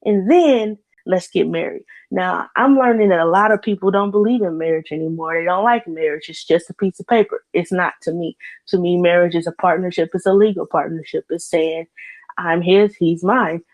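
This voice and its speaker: A woman's voice: fairly low pitch, a little fast, hardly any pauses, a little mellow, poor audio. A woman hosting a solo rant podcast, blunt and opinionated, rambling with restarts and cursing freely, talking into a computer mic. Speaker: podcast host. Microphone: computer mic via voice chat recording bot.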